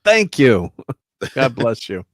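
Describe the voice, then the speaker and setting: A man's voice: mid-range voice, very animated, slow, dry recording, studio quality. A man hosting a casual livestream chat, rambling with lots of fillers and chuckles while he fiddles with his slides. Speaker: host.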